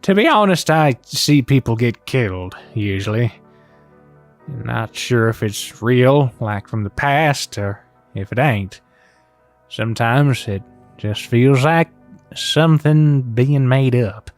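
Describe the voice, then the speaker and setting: A man voicing a gruff male bear who drawls and calls people "kid". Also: medium pitch, lively intonation, slow pace, soft background music. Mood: guarded. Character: gruff middle-aged male bear loner.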